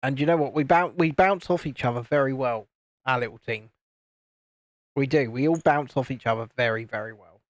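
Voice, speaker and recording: A British man speaks at a normal speed while building LEGO on a live stream, chatting casually, teasing friends, and reading out viewer comments. He imitates his friends in higher voices, and there is no room sound.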